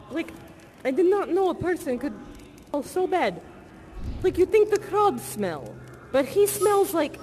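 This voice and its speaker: A quirky acting teacher. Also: female voice, high voice, heavily acted. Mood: annoyed, gossipy. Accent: non-American. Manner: chatty, rambling, animated. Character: eccentric woman acting teacher, earnest and whimsical. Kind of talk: improvised live theatre performance.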